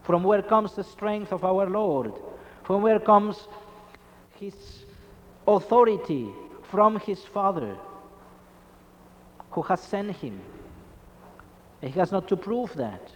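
A man's voice: high voice, lively intonation, slow pace, long pauses, big-room sound, highs cut off. A man preaching a Catholic sermon, emphatic and full of rhetorical questions.

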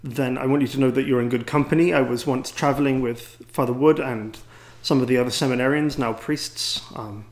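A man's voice: mid-range voice, fairly even intonation, fairly quick, few pauses, darkish tone. A man with an English accent, a priest and teacher, giving a wry, rambling, self-deprecating talk to a gathering. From England.

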